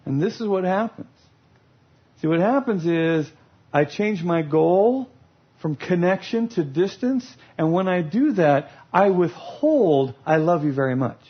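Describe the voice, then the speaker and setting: A man's voice: high voice, expressive, slow pace, breathy edge. A man giving a humorous teaching talk about love languages, playful and laughing as he acts out scenes. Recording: lo-fi recording.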